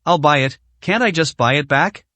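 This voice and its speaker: A man's voice: on the high side, animated, sharp tone, no room sound. A man reading as a tearful, pleading young woman. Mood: desperate. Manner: pleading, halting.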